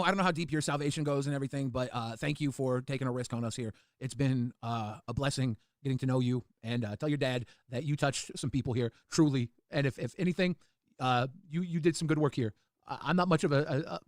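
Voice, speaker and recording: A man's voice: mid-range voice, fast, no echo, studio quality. A man co-hosting a livestream, consoling a guest in a casual, repetitive way.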